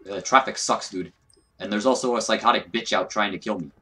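A man's voice: lowish voice, a little fast, pushed and bright, faint music behind. A young man giving casual, profane, self-mocking commentary while playing a video game. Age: young adult. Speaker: gaming YouTuber. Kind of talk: let's play commentary.

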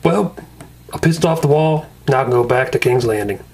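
A man doing husky bickering toy soldiers. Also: mid-range voice, fairly quick, darkish tone. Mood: bantering. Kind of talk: toy skit voice acting.

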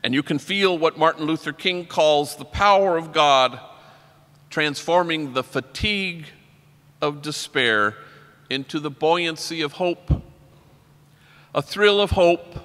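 Speaking at a measured pace, a priest with a fairly high, pushed, bright voice gives an inspiring talk to a conference in a large hall. He weaves in stories and quotations from poets and people he works with, and the recording has long hall reverb.

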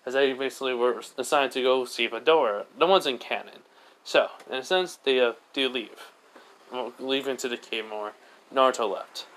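A man's voice: mid-range voice, moderate pace, fairly bright tone, low-quality recording. A man narrating a fan-made what-if story in a rambling, casual way. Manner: rambling, many fillers and restarts.

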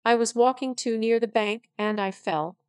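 A woman's voice: on the high side, moderate pace, clean tone, no room sound, clean studio sound, natural voice. A synthetic-voiced woman reading the part of a proud, impatient young lady with a cool, formal manner.

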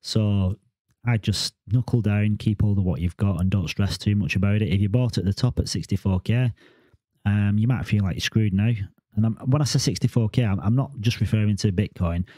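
A crypto vlogger in his forties talks briskly through a casual, meandering monologue, tripping over repeated words and restarting sentences. His fairly low voice is warm and mellow, captured close and dry with no room sound.

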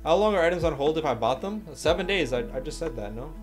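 A man's voice: fairly high pitch, expressive, fast talker, faint music behind. A young man casually chatting on a livestream, joking, using slang and reading chat messages aloud.

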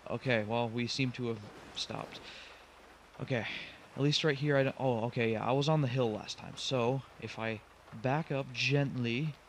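A man's voice: mid-range voice, moderate pace. Young man, game commentary, exasperated, talks to the game, faint hiss behind. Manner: frustrated, talks to the truck, exasperated groans. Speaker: gaming channel host.

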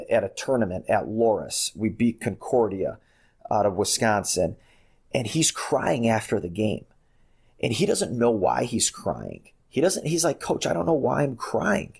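A man, a college basketball head coach, telling recruiting stories in an animated, restarting way on a podcast. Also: fairly low pitch, vocal fry, slightly rough. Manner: animated storytelling, many restarts. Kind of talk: podcast interview.

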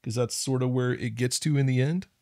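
Man, mid-pitched, relaxed, explaining plot, dry close sound. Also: brisk, no room sound. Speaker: podcast co-host. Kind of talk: casual movie review chat.

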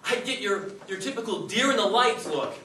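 A man's voice: sits high, expressive, moderate pace. A middle-aged man giving a humorous contest speech, chatty and self-mocking, talking straight to the audience. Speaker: contest speaker. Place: meeting hall before an audience. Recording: echoey hall, distant mic, noisy.

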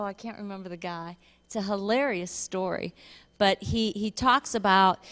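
A woman pastor preaching a sermon, telling a funny story with lively, animated delivery and laughter. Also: mid-range voice. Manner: animated storytelling, laughing at her own stories. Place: church. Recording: reverberant church hall.

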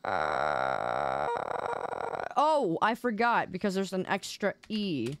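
A young adult woman streamer chatting casually on a live stream, playful and excitable, quick to laugh. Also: lowish voice, a little hiss or hum. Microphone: desk microphone.

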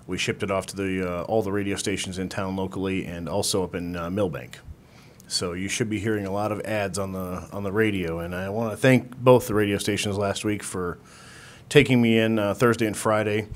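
Very deep-voiced man giving a council report. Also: brisk, a little hiss or hum. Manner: plain, steady report with frequent filler uhs. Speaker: city official reporting on an airline service.

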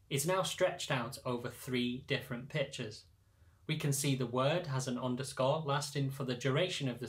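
A man who teaches choir singers, calmly explaining step by step how to read lyrics in sheet music. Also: medium pitch. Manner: patient, methodical explaining. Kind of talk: instructional narration.

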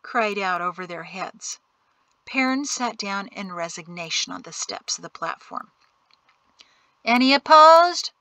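A woman narrating an audiobook in an even, measured storytelling manner. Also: lowish voice, gravelly, no room sound, rough recording. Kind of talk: scripted narration.

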